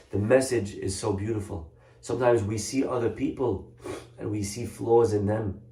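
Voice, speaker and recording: A man giving a Torah class as a rabbi, earnest and animated, telling stories with acted voices. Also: fairly low pitch, moderate pace, roomy sound.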